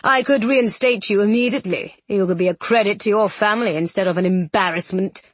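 A woman's voice: mid-range voice, a little fast, husky, no echo, lightly acted. A woman reading as a smug older villainous duke. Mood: scheming. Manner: silky and condescending. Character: scheming aristocratic male villain, older, smug.

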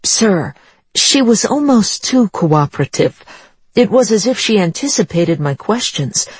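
A narrator plays a polite, measured woman police officer from an audiobook, reporting to her boss. The sound is dry and close. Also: mid-range voice, big pitch swings, husky, no echo, pitched above the performer's own voice, exaggerated voice.

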